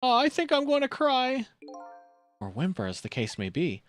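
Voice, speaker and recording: An excitable little male dog from a video game, as a man puts him on, yappy and high-strung. The voice jumps far above the man's own, loud and lively. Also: moderate pace, faint music behind, exaggerated voice. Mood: tearful.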